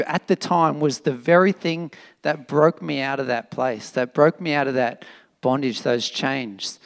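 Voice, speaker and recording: Gravelly-voiced preacher man in a hall. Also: fairly high pitch, measured pace. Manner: animated, emphatic, conversational preaching with fillers. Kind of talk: sermon. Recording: long reverb of a hall.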